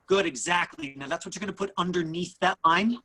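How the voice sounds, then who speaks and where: A man coaching actors in a live online acting class over a video call. He talks in a halting way, full of fillers and restarts. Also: high voice, pushed and bright, poor audio.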